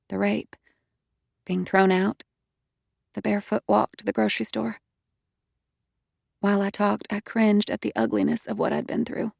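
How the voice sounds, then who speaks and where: Gravelly woman narrating an audiobook. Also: medium pitch, a little mellow, dry recording. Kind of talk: first-person audiobook narration.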